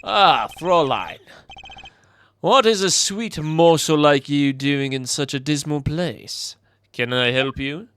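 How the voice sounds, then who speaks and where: A man's voice: a little high, slow pace, a bit bright, a little hiss or hum. A man putting on a suave British charmer. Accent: put-on British. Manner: smooth, theatrical charm.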